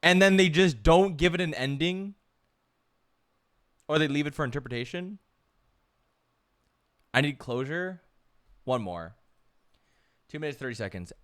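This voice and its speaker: A man streaming a watch party, reacting to videos with loud disbelief and casual swearing. His voice sits fairly high and bright, and his intonation swings all over the place. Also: unhurried, long pauses, clean tone. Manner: incredulous, swearing, animated.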